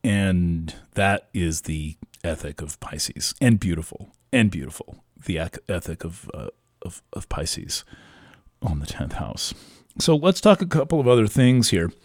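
A man giving an astrology reading in a casual, halting way, with many restarts and fillers. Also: deep voice, lively intonation, darkish tone, no room sound, clean studio sound.

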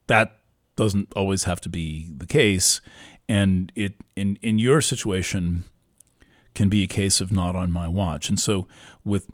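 Low-voiced halting male astrologer. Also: no room sound, clean studio sound. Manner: halting, many restarts and fillers. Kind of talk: casual astrology reading.

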